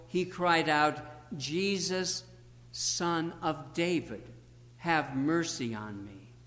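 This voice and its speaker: A man preaching a sermon as a pastor, slow and deliberate, with emphatic pauses. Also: on the high side, a bit bright, in a large hall.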